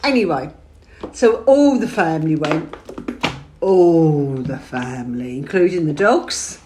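A woman's voice: low voice, expressive, slow pace, noisy background. A middle-aged woman from England telling family stories in a chatty, laughing manner, hosting a casual chat. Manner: chatty, storytelling, laughing often. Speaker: podcast host.

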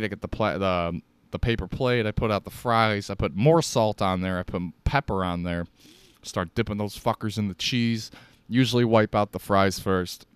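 Profane deep-voiced Chicago man rambling. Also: smooth, no room sound. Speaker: podcast host. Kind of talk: casual solo podcast rambling.

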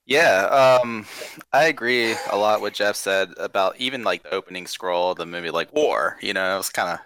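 A man's voice: sits low, a little fast, pushed and bright, clean tone, dry recording, poor audio. A man in a casual podcast chat, laid back, chuckling often, with many fillers. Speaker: podcast panelist.

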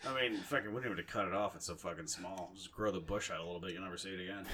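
A man's voice: low-pitched, animated, quick pace, background noise. A young man co-hosting a podcast in casual chat, telling rambling, profane, self-mocking stories. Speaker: podcast co-host.

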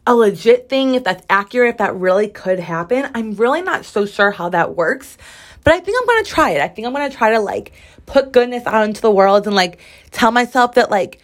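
A woman's voice: on the high side, animated, a little fast. A woman in her twenties hosting a casual solo podcast, chatty and sassy, with many "like" fillers. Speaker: podcast host.

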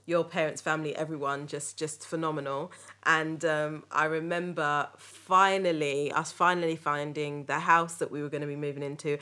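A woman hosting a podcast, telling family stories in a lively, laughing way. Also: sits low, moderate pace. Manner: lively, laughing, animated retelling. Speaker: podcast host. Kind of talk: casual storytelling chat.

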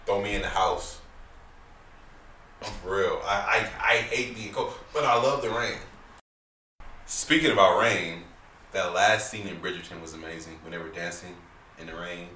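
Hosting a relaxed podcast chat, a man with a low, sharp-toned voice talks at normal speed. He's loose and jokey with plenty of slang, heard through a distant mic in a roomy space with slight hiss.

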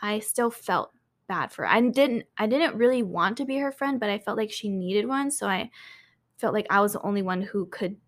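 A woman's voice: mid-range voice, animated, normal speed. A woman co-hosting a podcast, telling a story in a casual, chatty way, full of "like" and "um" and free with swear words. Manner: chatty, filler-heavy, swears freely. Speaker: podcast co-host.

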